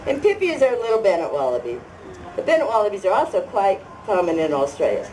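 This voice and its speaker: A woman's voice: mid-range voice, sing-song, fast, darkish tone. A woman presenting a live animal show to a fair audience, chatty and leading the crowd in cheers, recorded on a noisy outdoor fairground.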